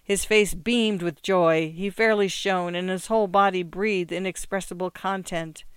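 A storyteller reading a classic tale in a measured, expressive way. The voice is smooth and resonant, and the recording is close and dry with no room sound. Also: medium pitch, no echo. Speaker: narrator.

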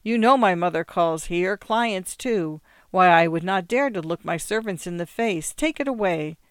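A storyteller voicing an excitable young lawyer who gushes and exclaims, in a smooth voice. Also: mid-range voice, moderate pace, dry recording, close to an everyday voice. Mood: exclaiming. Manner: exclamatory, gushing.

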